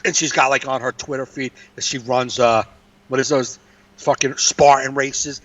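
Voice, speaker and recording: A man's voice: medium pitch, moderate pace, sharp tone. Ranting, profane man, far from mic. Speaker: podcast co-host, comedian. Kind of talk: casual podcast chat. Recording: distant, dull lo-fi mic.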